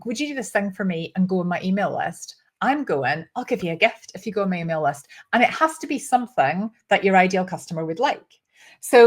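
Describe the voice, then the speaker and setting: A woman with an accent part Northern Irish and part Scottish, hosting a casual talk to camera in a chatty way and often checking in with "right?". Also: medium pitch. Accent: mix of Northern Irish and Scottish. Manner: chatty, keeps asking "right?", shifts pace a lot. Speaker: host.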